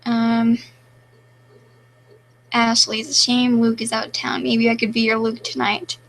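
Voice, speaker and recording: A woman's voice: fairly high pitch, monotone, a little slow, a bit bright, poor audio. A young woman casually chatting on a live stream, reading viewer questions aloud and answering them offhandedly.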